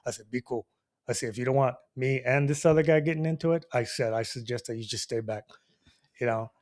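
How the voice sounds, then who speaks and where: Man telling a bar story, animated. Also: medium pitch, quick pace. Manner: animated, laughing, repeats "you know what I mean". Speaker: storyteller host. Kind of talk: casual storytelling to an audience.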